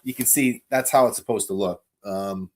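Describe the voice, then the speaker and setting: A man hosting a live toy unboxing stream, gushing with excitement and often stumbling over his words as he reads viewer comments. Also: lowish voice, moderate pace, slight background noise. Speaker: toy collector livestream host.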